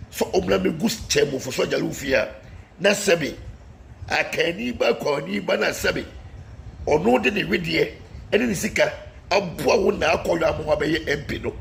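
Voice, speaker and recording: A man's voice: fairly high pitch, creaky, fairly bright tone. A man delivering a heated political rant, combative and scolding, repeating warnings at his critics. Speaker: political commentator.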